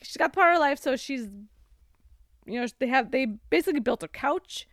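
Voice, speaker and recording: A woman podcast co-host recaps a movie with lively, bouncing energy and frequent laughs. Her voice sits high and leaps up and down. The sound is close and dry. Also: normal speed, no room sound. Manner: animated storyteller, laughs often. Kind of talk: casual chat recapping a movie.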